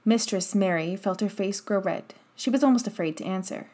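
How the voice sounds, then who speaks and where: A woman narrating a classic children's novel in an even storytelling manner. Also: medium pitch, moderate pace. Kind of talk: audiobook narration.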